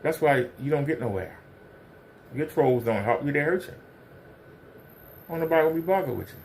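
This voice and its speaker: A man's voice: a little high, lively intonation, brisk, vocal fry, a little mellow, slight background noise. A man hosting a livestream, ranting confrontationally and hammering the same pointed questions. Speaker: livestream commentator.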